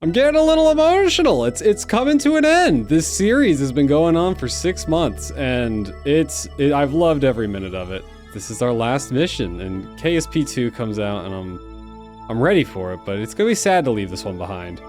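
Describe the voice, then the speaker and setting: Excitable young man narrating gameplay. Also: medium pitch, normal speed, soft background music. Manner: excitable, self-talking, stammering restarts. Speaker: gaming YouTuber. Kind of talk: let's-play commentary.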